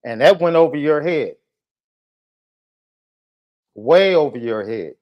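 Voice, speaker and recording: A man hosting a live podcast, ranting heatedly and repeating his taunts at a critic. His voice sits a little high. The audio is muffled and lo-fi, like a compressed stream. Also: lively intonation, slow. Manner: combative, taunting, repetitive. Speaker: podcast host.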